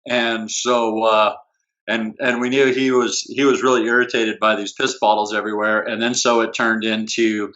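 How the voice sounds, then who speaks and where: A middle-aged man, a podcast guest, telling a story in a halting way, full of fillers. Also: fairly low pitch, little pitch movement, bright, forceful tone, lo-fi sound. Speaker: guest, former squad member. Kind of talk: casual chat, storytelling.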